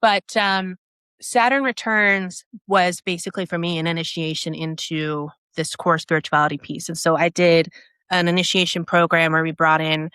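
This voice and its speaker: Animated storyteller woman, low voice. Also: moderate pace, smooth, dry recording, clean studio sound. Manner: animated, acts out quoted voices and her own reactions; casual, with many restarts and "like". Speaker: podcast guest, app founder. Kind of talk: personal storytelling in a podcast interview.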